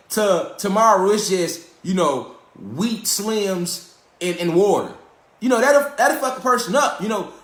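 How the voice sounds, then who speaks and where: A man's voice: fairly high pitch, fairly bright tone, echoey room. A man giving a live-streamed lecture, profane, streetwise and emphatic, often tossing questions back at his audience. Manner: repeats rhetorical questions to the audience.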